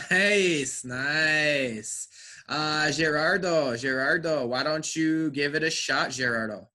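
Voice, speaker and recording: Slow, bright-voiced male teacher. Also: fairly high pitch. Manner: slow, careful enunciation with encouraging feedback. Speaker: English pronunciation teacher. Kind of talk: online class instruction.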